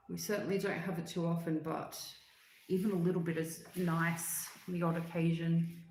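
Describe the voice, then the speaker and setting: A woman's voice: on the low side, reverberant, slight background noise, low-quality recording. A woman hosting a livestream, chatting casually and reading out viewer comments in a rambling, filler-heavy way. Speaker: livestream host.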